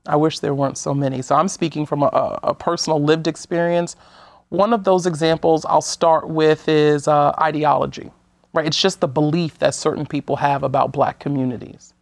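A woman from the United States speaking as a guest on an interview show, measured and earnest, sometimes restarting her sentences. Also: sits low, steady tone, creaky, no echo. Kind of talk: conversational talk-show interview.

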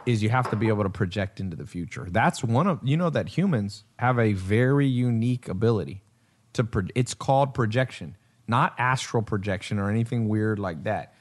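A man's voice: on the low side, expressive, fairly quick. Male podcast host, casual and rambling, acts out quotes mid-story. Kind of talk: casual chat.

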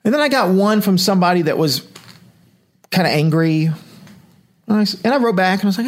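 Man with a higher voice, chatty storyteller. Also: animated, moderate pace. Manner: conversational, acts out quoted emails and replies. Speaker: podcast host. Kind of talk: casual chat, storytelling.

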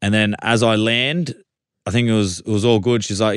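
A man's voice: on the low side, steady tone, normal speed, a bit bright, clean tone, no echo, studio quality. A man with an Australian accent telling a long story in casual chat, full of fillers and restarts. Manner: rambling storytelling with many fillers. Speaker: podcast guest, footballer.

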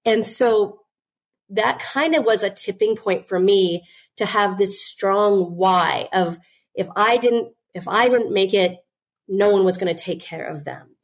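A woman's voice: mid-range voice, measured pace. Woman, interview guest, earnest storytelling, business owner, frequent "you know" fillers.

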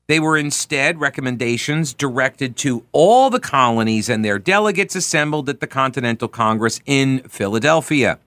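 Animated talk radio host, bright voice. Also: male voice, mid-range voice, dry recording. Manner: animated, reads history aloud with mock grandeur.

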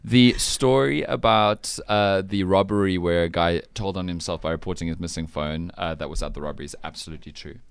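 A man's voice: low-pitched, fairly quick, creaky, few pauses, clean tone. A man hosting a playful radio news quiz, teasing his co-hosts and laughing often. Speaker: radio show host.

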